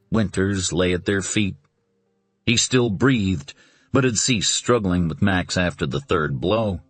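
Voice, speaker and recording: A man narrating a suspense novel in a deliberate, dramatic reading. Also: low voice, fairly bright tone, faint music behind. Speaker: audiobook narrator.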